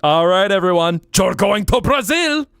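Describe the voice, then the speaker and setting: A man's voice: high-pitched, animated, moderate pace, gravelly, fairly bright tone, clear, resonant tone, dry recording, clean studio sound, soft background music. A man hosting a livestream in casual chat, playful and jumping between joke accents. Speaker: livestream host.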